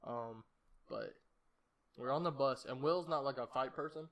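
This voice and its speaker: Bright-voiced young man telling stories. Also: mid-range voice, normal speed. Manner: rambling, profane, laughs at himself. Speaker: podcast host. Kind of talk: casual storytelling chat.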